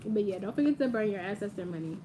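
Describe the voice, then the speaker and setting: A woman's voice: medium pitch, expressive, fast talker, noisy background. A young woman hosting a casual live-stream tarot reading, chatty and playful, speaking directly to her viewers. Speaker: tarot reader. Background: quiet ambient audio playing.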